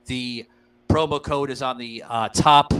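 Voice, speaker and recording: A man's voice: mid-range voice, steady tone, a little slow, fairly bright tone, smooth, soft background music, rough recording. Casual, swearing male podcast host. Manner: loose and profane, many fillers, addresses listeners as guys.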